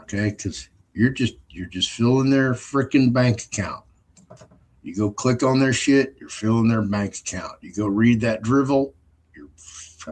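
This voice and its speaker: A man hosts his own show in a fairly low, husky, slightly mellow voice. His casual monologue is blunt, profane, and scornful, and he laughs between phrases as he tells stories.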